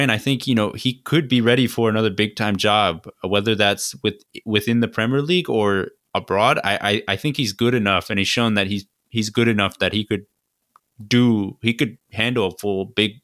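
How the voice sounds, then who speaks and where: A man with a somewhat low voice talks through football topics in an easygoing, loosely hesitant way. He is recorded close and dry. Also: moderate pace, a bit bright, dry recording. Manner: easygoing, hesitant, many fillers like "um" and "you know". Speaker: podcast co-host. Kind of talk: casual sports chat.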